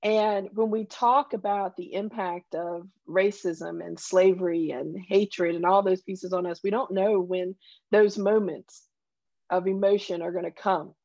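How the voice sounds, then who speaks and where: A woman's voice: medium pitch, fairly even intonation, unhurried, a little mellow, dry recording, muffled recording. A woman with a Southern accent, a guest telling personal stories in an earnest, heartfelt way. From Southern US countryside. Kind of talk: conversational interview.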